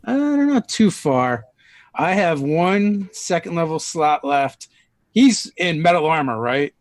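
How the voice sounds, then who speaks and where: A man playing a tabletop game, speaking slowly and deliberately. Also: fairly high pitch, expressive, dry recording, studio quality. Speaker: player. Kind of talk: casual tabletop play.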